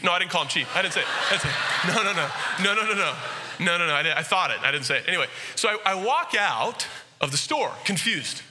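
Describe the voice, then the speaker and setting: A man's voice: on the high side, fast talker, slight background noise. A male pastor preaching in church, telling a comic story and acting out the people in it. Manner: animated, jokey, acts out quoted voices. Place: church sanctuary.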